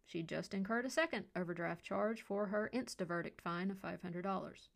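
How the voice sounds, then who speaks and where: A woman host reading her own short story aloud as scripted narration, calm and measured. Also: medium pitch, vocal fry. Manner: calm, hushed and ominous at the close.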